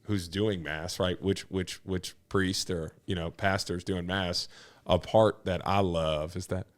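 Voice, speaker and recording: A man, a TV personality talking high-energy and slangy as an interview guest. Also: fairly even intonation, unhurried. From New Orleans. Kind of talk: casual interview chat.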